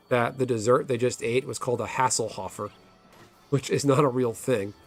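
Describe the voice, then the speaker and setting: A man's voice: mid-range voice, darkish tone. A man streaming a video game, chatting casually and telling a long story, swearing when the game crashes. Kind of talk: casual chat while gaming.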